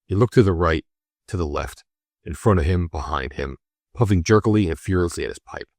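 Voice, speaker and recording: A man narrates a classic adventure novel for an audiobook, taking his time over each phrase. His voice sits very low and the recording is dry, with no room sound at all. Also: a little mellow, no echo. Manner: measured, deliberate storytelling.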